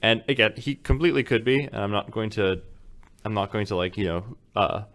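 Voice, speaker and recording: A young podcast co-host with a lowish voice and a fairly bright tone talks fairly quickly in casual chat. He rambles through a story, packing it with "like" and other fillers while acting out the quotes.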